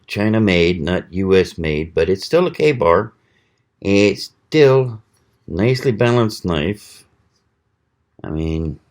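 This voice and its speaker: Man, low voice, very slow pace, rambling casual vlog host. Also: a little mellow. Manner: slow, rambling, with many pauses and fillers. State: hiccuping. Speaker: channel host. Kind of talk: casual knife review vlog.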